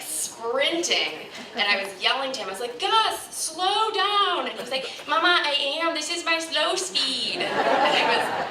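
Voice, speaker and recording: A woman's voice: on the low side, bright, forceful tone, slight background noise. Earnest woman speaking in an echoey hall. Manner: earnest, with many ums. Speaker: fundraiser speaker. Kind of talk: speech to a crowd. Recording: echoey room from far off.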